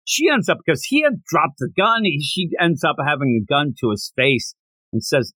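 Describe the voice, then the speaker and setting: A man's voice: fairly high pitch, normal speed, husky, no room sound. A man co-hosting a manga podcast, retelling scenes with gusto and acting out characters' lines. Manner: animated storyteller, acts out characters' lines. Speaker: podcast co-host. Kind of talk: casual chat, manga review.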